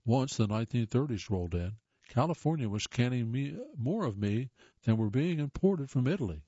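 A man reading aloud as a talking tomato that tells its own history, in a steady voice with small stumbles. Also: medium pitch, moderate pace, breathy edge, no room sound, highs cut off. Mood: chatty. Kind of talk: read-aloud first-person piece.

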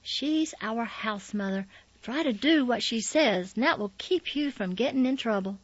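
A woman voicing a kind older schoolgirl who speaks in a soft, comforting way. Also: fairly high pitch, animated, measured pace, slightly rough, no echo. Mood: gentle. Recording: slightly dull, dry recording.

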